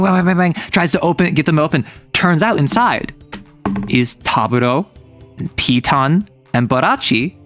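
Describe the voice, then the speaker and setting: A man livestreaming in a casual chat, retelling a manga plot with jokes and playful asides. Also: a little high. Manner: animated, joking, with playful asides.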